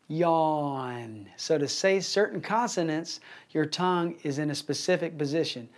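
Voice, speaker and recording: A man teaching a vocal placement lesson, talking through exercises and singing example words for the class to copy. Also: fairly high pitch. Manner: slow, demonstrative, sings example words.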